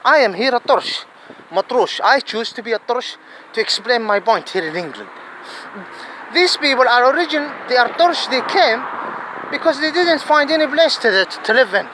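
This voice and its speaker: Earnest high-voiced man. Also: lively intonation, normal speed, bright, forceful tone, poor audio. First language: Arabic. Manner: earnest, digressive, repeats himself. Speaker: vlogger. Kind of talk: casual outdoor monologue. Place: outdoors in a city. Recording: wind noise on the mic.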